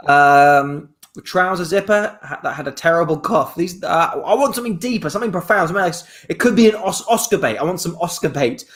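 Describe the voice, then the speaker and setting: A man's voice: fairly high pitch, brisk, few pauses, fairly bright tone. A man hosting an improvised comedy livestream, reading out suggestions in a playful, rambling way. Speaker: improv show host.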